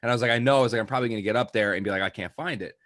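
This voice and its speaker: Fast-talking man telling a rambling story. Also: medium pitch, dry recording, clean studio sound. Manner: rambling anecdote full of "like", animated quoting. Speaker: podcast co-host. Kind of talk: casual chat, storytelling.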